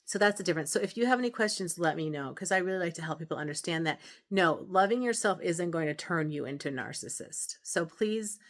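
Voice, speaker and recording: Earnest woman with a low voice. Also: a bit bright. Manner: earnest and explanatory, with frequent restarts and asides. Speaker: self-help video host. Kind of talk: casual advice talk to camera.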